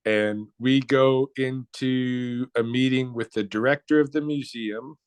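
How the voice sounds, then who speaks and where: A man tells a story in an interview, speaking bluntly and casually, with frequent swearing and slang. His voice sits in an ordinary middle pitch. The sound is dry and close, with no room around it. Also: fairly even intonation, measured pace, clear, resonant tone, no echo.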